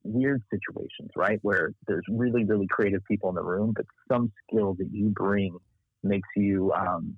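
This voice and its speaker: A marketing strategist from Texas, speaking with a Texas accent, tells stories from his career in a casual interview, animatedly acting out quoted voices. His voice is fairly low and slightly rough, at normal speed, with no echo on a tinny, phone-like line.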